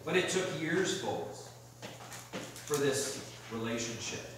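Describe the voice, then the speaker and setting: Earnest preacher in an echoey hall. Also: male voice, medium pitch, lively intonation, takes it slowly, recorded from a distance. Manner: earnest, conversational preaching with personal stories. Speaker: pastor. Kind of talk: sermon. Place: church sanctuary. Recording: echoey church hall mic from afar with noise.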